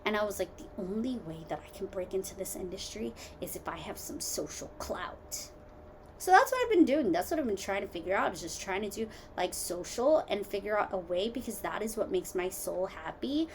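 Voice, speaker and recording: A woman hosting her own podcast from home, rambling casually through tangents with lots of fillers, jumping between loud exclamations and quiet muttered asides. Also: a little high, slight background noise. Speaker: podcast host. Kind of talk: casual solo podcast chat.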